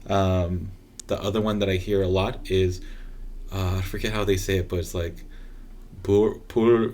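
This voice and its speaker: Low-voiced woman podcast co-host. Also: level tone, moderate pace, a little mellow. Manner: playful, corrects pronunciations with emphasis. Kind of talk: casual chat.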